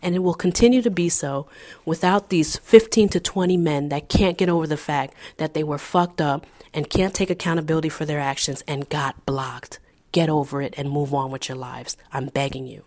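A woman's voice: low-pitched, moderate pace, mellow. Fired-up woman ranting bluntly. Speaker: podcast co-host. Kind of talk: casual podcast chat.

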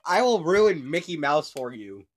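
A man's voice: on the high side, very animated, a little slow. A man hosting a casual, unscripted podcast who jokes around, rambles and laughs often. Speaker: podcast host. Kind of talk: casual improvised podcast chat.

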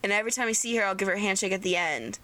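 A woman playing a tabletop game, chatting in a quick, joking way and swearing freely. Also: medium pitch, pushed and bright. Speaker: player. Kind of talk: casual tabletop chat.

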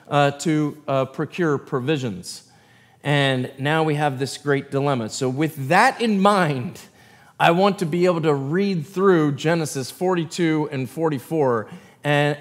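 A male pastor reads scripture in a sermon, stopping now and then for a short aside to the congregation. His voice sits a little higher than most men's. The church room adds a long, ringing reverb behind him.

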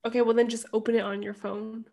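A woman's voice: fairly high pitch, little pitch movement, fast talker, vocal fry, mellow. A woman co-hosting a podcast in casual chat, answering in short, playful replies. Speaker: podcast co-host.

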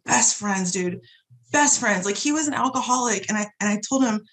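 A woman guest telling personal stories in a casual chat, lively and swearing freely. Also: fairly high pitch, moderate pace. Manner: animated, profane, swears freely. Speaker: guest, shop owner.

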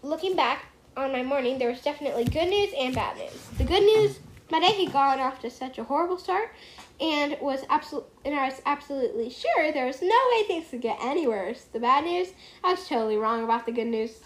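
High-voiced young reader. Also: female voice, lively intonation, brisk, poor audio. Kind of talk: reading a book aloud at home.

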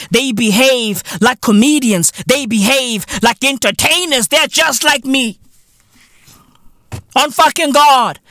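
A South African man hosting a podcast, ranting comically with profanity, repeating himself in loud disbelief. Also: very high-pitched, no echo, studio quality. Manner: loud, incredulous, repeats himself, swears constantly. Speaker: podcast host. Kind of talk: profane comedic rant.

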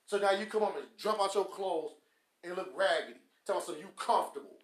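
A man's voice: high voice, expressive, brisk. A man, hosting a podcast with a blunt, scolding motivational rant that mocks people with quacking. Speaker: podcast host. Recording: echoey room.

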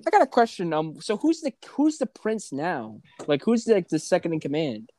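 A man's voice: high voice, huge pitch swings, moderate pace, a little mellow. A man hosting a podcast, chatting casually and jokingly, rambling with lots of filler words. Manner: joking, rambling with many likes. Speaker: podcast host.

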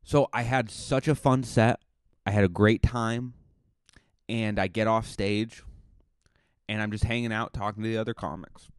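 A man's voice: on the low side, fairly even intonation, normal speed, long pauses, smooth, no room sound, studio quality. A male stand-up comedian talking through a casual podcast monologue, chatty and rambling, with plenty of restarts and fillers.

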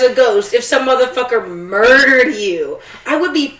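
A young woman in casual chat, cursing freely and getting excitable while retelling a movie plot. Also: on the high side, a little slow, hardly any pauses, distant mic. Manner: loose, profane, excitable. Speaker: co-host. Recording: echoey room, off-mic.

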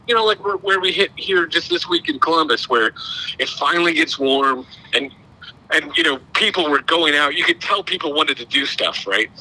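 A man's voice: on the high side, sharp tone, low-quality recording. A middle-aged man, telling a long, rambling, self-deprecating story in casual podcast chat. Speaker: podcast co-host.

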